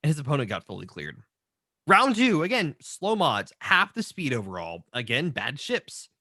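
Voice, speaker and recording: A man co-hosting a casual game-stats show, reading results with animated, teasing banter. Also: a little high, moderate pace, no echo, clean studio sound. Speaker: co-host.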